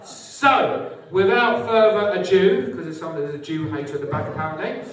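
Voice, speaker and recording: A man's voice: sits high, steady tone, a little fast, a bit bright. A man hosting a live comedy night, chatty and sweary, teasing the audience. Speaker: compere. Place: social club stage. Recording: echoey club room, mic from far off.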